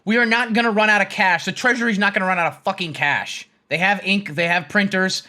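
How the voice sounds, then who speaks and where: A man's voice: high-pitched, brisk, pushed and bright. A man hosting a stock trading stream, ranting bluntly and casually, swearing and repeating his points. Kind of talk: casual rant.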